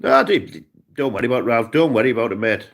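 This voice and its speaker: A man's voice: mid-range voice, very animated, quick pace, gravelly. A man with a Cumbrian accent chatting casually and rambling on a live stream, often calling people "mate". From Cumbria, England. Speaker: livestreamer.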